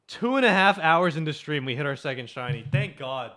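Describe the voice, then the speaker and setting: A man's voice: a little high, animated, moderate pace, pauses often, pushed and bright. A young man streaming a game, chatting and joking casually with his viewers, swearing freely. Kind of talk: casual live-stream chat.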